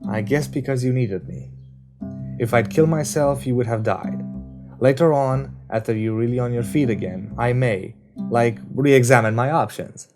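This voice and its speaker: A man reading aloud voices a sardonic young man who jokes and mocks, his voice pushed a bit higher and louder than the narration. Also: normal speed, lightly acted. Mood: reflective. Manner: sarcastic, joking, louder and higher. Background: guitar music.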